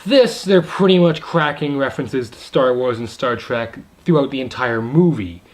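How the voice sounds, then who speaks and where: A young adult man giving a casual video movie review, excited and rambling, with many asides and fillers. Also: mid-range voice, normal speed.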